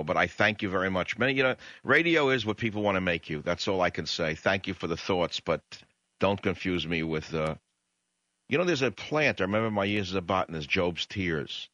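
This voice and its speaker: Male radio host, lowish bright voice, sardonic and rambling, dry studio sound. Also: no room sound, dull audio. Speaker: radio talk show host. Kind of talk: radio talk monologue.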